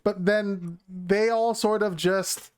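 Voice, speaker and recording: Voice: mid-range voice, steady tone, slow. A game master running a tabletop session, speaking in a laid-back, hesitant way with many ums.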